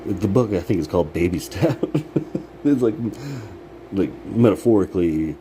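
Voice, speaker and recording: A man with a low voice talks in a loose, meandering way about pushing through struggle, dropping curses and chuckling between thoughts. A steady air-conditioner hum runs under the recording. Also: moderate pace. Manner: rambling, profane, laughs often. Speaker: vlogger. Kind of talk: casual motivational monologue.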